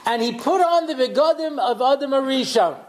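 In a very high, expressive voice and a little fast, a rabbi teaches a Torah class through conversational storytelling, checking in with "yeah?" and acting out voices. The recording is low quality.

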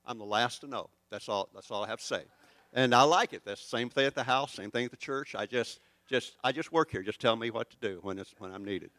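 Older guy preacher telling stories, rambly and joking at himself, mid-pitch, dry sound. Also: fairly quick, a bit bright, dry recording. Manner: rambling, chatty and self-deprecating. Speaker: pastor. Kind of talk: conversational sermon with stories.

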